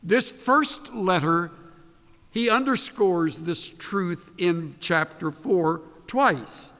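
Male pastor preaching, high voice, long reverb of a big hall, emphatic, voice sinks quiet at the end of phrases. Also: lively intonation, very slow. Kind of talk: sermon.

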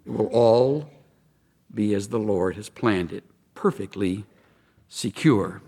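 A man preaching a sermon in measured tones, building to emphatic peaks and slowing for weight. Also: fairly low pitch, vocal fry, dark tone, breathy edge, in a large hall. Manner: measured preaching with rising emphasis and slow pauses. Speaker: pastor.

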